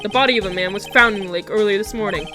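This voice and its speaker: A woman's voice: mid-range voice, very fast, over music, close to an everyday voice. A woman voicing a TV news anchor in a video game, reading a bulletin in a formal newsreader manner.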